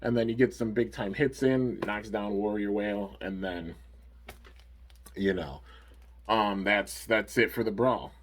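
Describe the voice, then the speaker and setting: A male anime episode reviewer with a deep, slightly husky voice gives a loose, rambling recap of a cartoon episode. His tone is steady and unhurried, and he relies on fillers like "like" and "you know."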